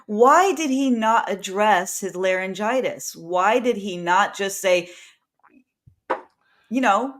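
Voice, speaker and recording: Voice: mid-range voice, animated, slow pace, fairly bright tone. A co-host on a casual political chat show, speaking with exasperation and asking pointed questions.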